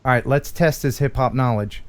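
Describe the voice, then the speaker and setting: A man's voice: medium pitch, normal speed. A man hosting a casual livestream chat, joking and teasing his guest. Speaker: host.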